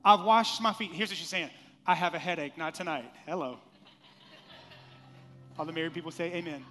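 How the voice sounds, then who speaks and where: Male pastor, high bright voice, lively sermon delivery in an echoey hall. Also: moderate pace, long pauses, faint music behind. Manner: animated, acts out scripture in playful voices. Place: church.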